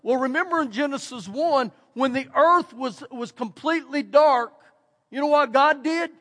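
High-voiced Texan preacher in a reverberant hall. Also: male voice, moderate pace. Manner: preaching with emphatic repetition and shifts between loud and quiet. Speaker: pastor. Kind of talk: sermon. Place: church sanctuary. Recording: church hall with long reverb.

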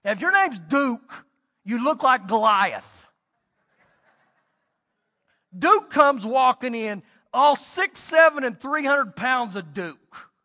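A middle-aged man preaching a sermon as pastor, telling stories and swinging between loud and hushed delivery. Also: extremely high pitch, in a large hall.

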